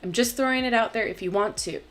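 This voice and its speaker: A woman's voice: on the high side, fast, slight background noise. Bubbly chatty woman hosting a live stream. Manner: chatty, bubbly, laughs often, many fillers. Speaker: tarot channel host. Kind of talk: casual live-stream chat.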